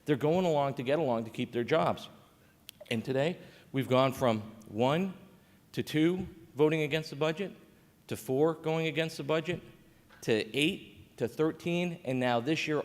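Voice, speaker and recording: A man's voice: fairly high pitch, moderate pace, darkish tone. Man speaking in a reverberant conference hall. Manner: conversational with frequent fillers and restarts. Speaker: state coordinator on a panel. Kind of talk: conference panel talk.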